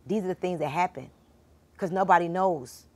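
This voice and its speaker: A woman's voice: on the low side, moderate pace, a little mellow. A woman giving a motivational spiritual talk, speaking directly and informally to her listeners and repeating her points for emphasis. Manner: informal and conversational.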